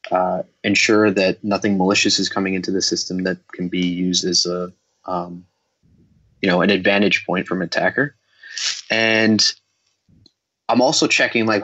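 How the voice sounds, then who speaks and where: A man's voice: on the low side, fairly bright tone, muffled recording. A man on a video call, chatting casually about his work, rambling and self-deprecating. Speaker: guest security developer. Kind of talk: casual podcast discussion.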